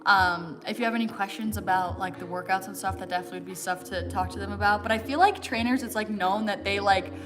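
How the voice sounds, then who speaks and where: A young American woman chats through a fitness livestream, answering questions with a loose, rambling flow full of fillers and quick laughs. Her voice sits at an ordinary middle pitch. Faint music plays in the background. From United States. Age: 20s. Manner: chatty, many fillers and "like", laughs often. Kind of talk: casual chat answering viewer questions.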